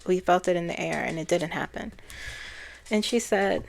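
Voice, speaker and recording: A woman who is a spiritual channeler, talking in a soft-spoken, reflective way and laughing often. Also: lowish voice, moderate pace, gravelly. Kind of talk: casual spiritual talk.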